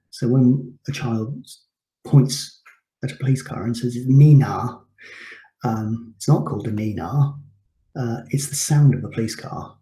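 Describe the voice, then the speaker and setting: A man's voice: mid-range voice, mellow. A man teaching a recorded English lesson, explaining terms patiently with frequent ums. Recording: echoey room.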